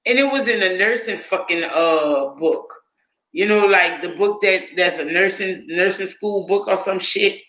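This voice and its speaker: A woman's voice: on the low side, a little slow, fairly bright tone. A woman vlogger talking in a casual, rambling monologue, profane and indignant. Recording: echoey room.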